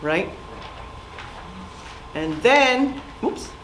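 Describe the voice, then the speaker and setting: A woman's voice: fairly high pitch, sing-song, very slow, slight background noise. A middle-aged woman giving a community presentation, telling stories and asking the audience questions. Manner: storytelling, asks audience questions. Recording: echoey room from far off.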